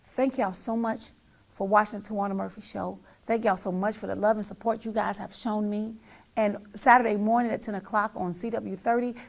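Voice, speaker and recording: A middle-aged woman hosting a talk show, giving an emotional, emphatic monologue to her viewers that swings from loud to nearly whispered and repeats lines for weight. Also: mid-range voice, gravelly.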